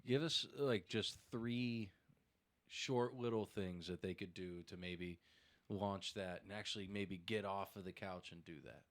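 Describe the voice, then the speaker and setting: A man's voice: low voice, a little slow, no echo. A man hosting a podcast, asking questions casually and affirming with short interjections. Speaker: podcast host.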